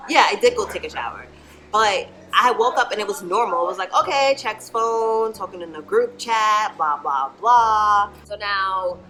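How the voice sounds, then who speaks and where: A woman's voice: medium pitch, sharp tone, rough recording. A young woman telling a candid storytime in a chatty, casual way, often saying "like" and swearing freely. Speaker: vlogger. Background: background music.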